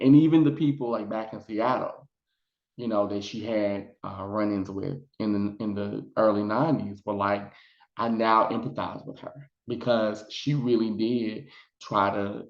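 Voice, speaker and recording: A psychic vlogger reviewing a documentary chats casually in a lowish, fairly even voice at a measured pace. He retells scenes with plenty of fillers. The sound is roomy, dull and lo-fi.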